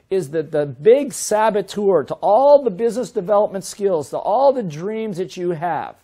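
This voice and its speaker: A middle-aged man teaching a seminar as a business trainer, in a lively way that keeps asking the audience questions. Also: sits high. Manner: lively, asks the audience many rhetorical questions.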